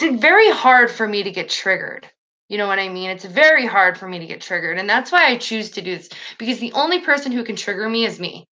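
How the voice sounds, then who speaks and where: A woman's voice: mid-range voice, sharp tone. A woman live-streaming an emotional monologue, upset and sad, swearing, trailing off and restarting her sentences. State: sad and agitated.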